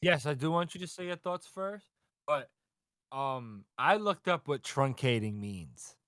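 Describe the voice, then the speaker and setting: A man's voice: fairly high pitch, no room sound. Casual podcast man, acts out the characters, dry close sound, swears a lot. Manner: animated, swearing, acting out characters in quick voices. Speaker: podcast co-host. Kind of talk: casual chat recapping a manga chapter.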